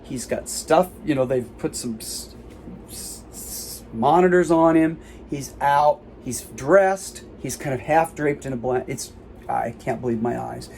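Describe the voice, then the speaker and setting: Gravelly man telling a story on stage. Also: mid-range voice, darkish tone, a little hiss or hum. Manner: halting, self-interrupting retelling. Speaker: solo performer. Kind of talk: live comic storytelling. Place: small theater stage.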